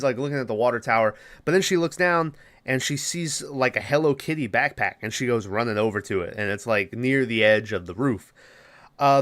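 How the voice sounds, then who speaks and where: A man hosting a podcast, casually recapping a movie plot in a loose, profane, rambling way with quick mock voices. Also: mid-range voice, a bit bright. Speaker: podcast host.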